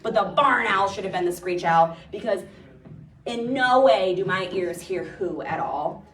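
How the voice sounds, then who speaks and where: A woman's voice: mid-range voice, animated, a little slow, noisy background. A woman nature educator giving a chatty, playful talk about birds to a live audience, now and then imitating their calls. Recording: echoey room, distant mic.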